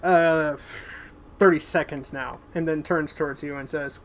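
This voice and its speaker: A man narrating as game master in a halting way, sometimes losing track of names. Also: on the high side, fairly even intonation, slight background noise.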